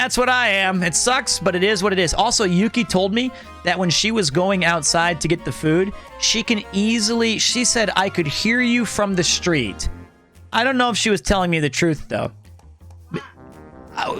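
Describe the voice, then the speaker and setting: A man hosting a casual live stream, reading chat aloud in a loud, projecting, animated way. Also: high voice.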